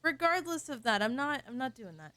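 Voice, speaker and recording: This woman's high, sharp voice swings a lot in pitch and runs a little fast, recorded dry. A game streamer, she keeps up casual live-stream chat as she plays, full of playful teasing and self-deprecating laughs.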